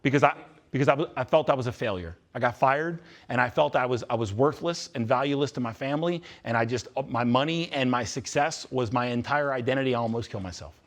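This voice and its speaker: Speaking fast with few pauses, a man with a mid-range voice addresses students at a youth retreat in a large indoor room before a live audience. His motivational talk, followed by Q&A, is blunt and intense, and he hammers his points home by repeating them.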